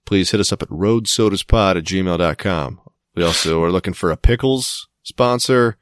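A man's voice: deep voice, normal speed, no room sound, clean studio sound. A man co-hosting a podcast, rambling and joking in casual chat, swearing now and then. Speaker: podcast co-host.

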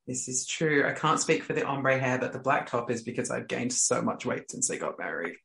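A man's voice: mid-range voice, expressive, a little fast, gravelly, a bit bright, echoey room. A man co-hosting a podcast in casual chat, teasing and joking in a camp way. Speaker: podcast co-host.

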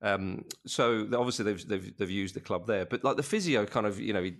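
A man talking about a film in a casual podcast chat, lively and full of restarts. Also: lowish voice, brisk. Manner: animated, with many restarts and laughs. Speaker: podcast co-host.

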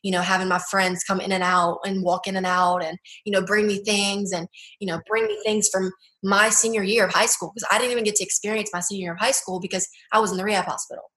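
A young woman speaking earnestly and a little haltingly, her sentences full of filler words and restarts. Her voice sits at an ordinary pitch for a woman. The room around her rings with a noticeable echo. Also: flat delivery, a bit bright. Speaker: guest. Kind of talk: personal testimony interview.

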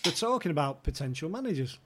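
A man's voice: fairly high pitch, very animated, fast talker, background noise. A man guesting on a podcast, telling club stories in a chatty way, swearing freely and acting out the people he quotes. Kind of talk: anecdotal storytelling.

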